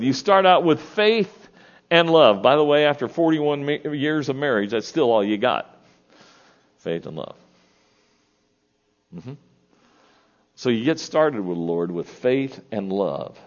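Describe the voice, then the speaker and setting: Folksy preacher, muffled church recording. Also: male voice, a little high, expressive, unhurried, pauses often. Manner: folksy, asks the congregation questions. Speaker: pastor. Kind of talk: sermon.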